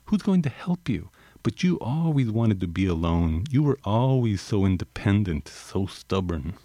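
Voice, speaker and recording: A man's voice: lowish voice, big pitch swings, moderate pace, a little mellow, dry recording. A man reading aloud and voicing a stubborn, bossy old grandmother who scolds and pleads. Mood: worried. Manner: blunt, scolding, mournful.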